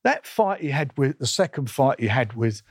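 A man's voice: mid-range voice, big pitch swings, normal speed, breathy edge, no room sound. Emphatic older man, dry sound. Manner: emphatic, repetitive, combative, stumbles and restarts. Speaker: boxing promoter, guest. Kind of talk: blunt interview storytelling.

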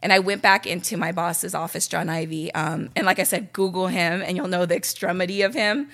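A bright, forward-sounding young woman from Los Angeles, talking fast and loose in a casual chat. Her storytelling is animated and chatty, and she peppers every sentence with "like" as she slips in and out of quoted dialogue. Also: lowish voice. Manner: animated, chatty, heavy use of "like". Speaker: radio personality, guest.

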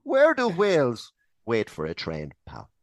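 A man's voice: medium pitch, wildly swooping pitch, measured pace, dry recording, clean studio sound. A man co-hosting a comedy podcast, reading trivia in a playful, teasing way and laughing often. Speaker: podcast co-host.

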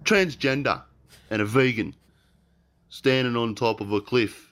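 A man sending in a loud, rowdy voice message, laughing through a joke. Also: medium pitch, measured pace, a little hiss or hum.

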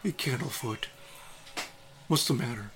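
A man voicing a slow, gruff male bugbear guard who grumbles in a lowered voice. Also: lively intonation, fairly bright tone. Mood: irritated, puzzled.

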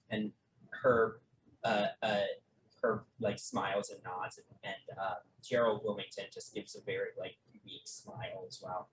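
A game master narrating a tabletop game in a halting way, with many fillers and restarts. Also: low-pitched, steady tone, a little hiss or hum. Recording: roomy, from a distant mic.

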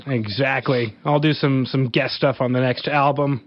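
A man's voice: medium pitch, steady tone, moderate pace, no room sound, muffled recording. Canadian male podcast host, dry sound. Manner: chatty and joking. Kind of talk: casual interview chat.

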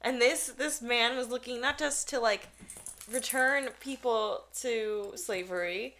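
A woman's voice: a little high, takes it slowly, a bit bright. A woman co-hosting a podcast in casual chat, talkative, laughing often and swearing freely. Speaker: podcast co-host. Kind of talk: casual chat recapping a show.

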